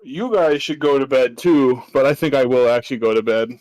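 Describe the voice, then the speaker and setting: A man's voice: medium pitch, a little fast, darkish tone, dry recording, low-quality recording. A man in a late-night voice chat with friends, teasing, drowsy and self-mocking. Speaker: gaming friend.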